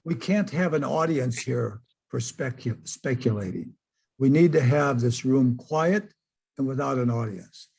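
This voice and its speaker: Husky-voiced man telling a vivid story. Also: mid-range voice, unhurried, rough recording. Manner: animated storyteller who acts out quoted voices. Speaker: hypnotist giving an online talk. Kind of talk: storytelling presentation to a live online audience.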